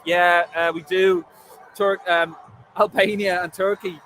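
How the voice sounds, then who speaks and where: A man's voice: high voice, steady tone, brisk, bright, forceful tone, rough recording. An Irish man hosting a live football fan stream from a stadium, chatting and bantering with viewers' comments. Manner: chatty, jokey banter, frequent fillers. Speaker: football fan livestream host. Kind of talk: casual live chat reading viewer comments.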